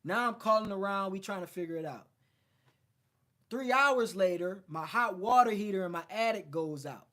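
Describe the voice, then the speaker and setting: Blunt high-voiced male coach. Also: normal speed, sharp tone. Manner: blunt, profane, storytelling. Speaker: men's self-improvement coach. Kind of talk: casual motivational livestream talk.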